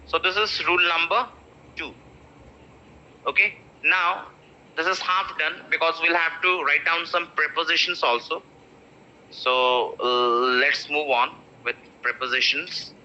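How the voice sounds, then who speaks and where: A man in his thirties with an Indian English accent, teaching pronunciation in an online class and repeating each word slowly. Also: fairly high pitch, fairly even intonation, bright, forceful tone. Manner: repeats words slowly for drills, mixes in Hindi. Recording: dull lo-fi online-class audio.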